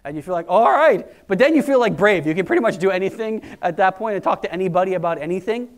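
Guy preaching, high voice, chatty and punchy, acts out little quotes. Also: expressive, very fast. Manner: conversational, emphatic, quoting people in put-on voices. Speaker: pastor. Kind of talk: sermon.

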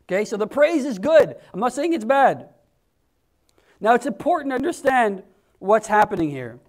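A man with a strikingly high voice delivers a conversational sermon. He talks to the congregation directly and throws himself into acting out quoted voices. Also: normal speed. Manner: conversational, animated, acts out crowd voices. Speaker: preacher.

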